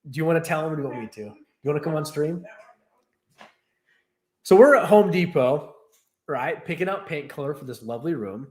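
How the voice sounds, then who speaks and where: A man's voice: a little high, animated, brisk, long pauses, darkish tone. A man casually chatting on his livestream, rambling and laughing as he tells stories. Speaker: streamer and host. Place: new home in Texas.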